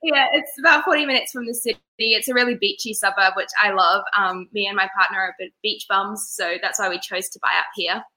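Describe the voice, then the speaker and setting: A woman's voice: mid-range voice, fairly quick, few pauses, sharp tone, low-quality recording. A woman guest chatting in a casual interview, her voice nasal from a cold, laughing often with plenty of ums. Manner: giggly, lots of ums. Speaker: interview guest, pageant director.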